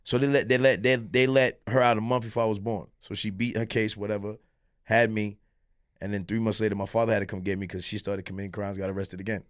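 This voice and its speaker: A man's voice: lowish voice, flat delivery, fast talker, dry recording, clean studio sound. A man from Miami, a podcast guest, arguing his points emphatically with plenty of profanity. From Miami, Florida. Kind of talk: heated podcast debate.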